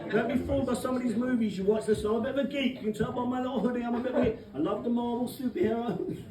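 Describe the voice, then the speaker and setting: A man with an English accent doing animated stand-up comedy in a comedy club, swearing freely. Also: very high-pitched, rapid-fire. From England. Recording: echoey distant club recording, noisy crowd.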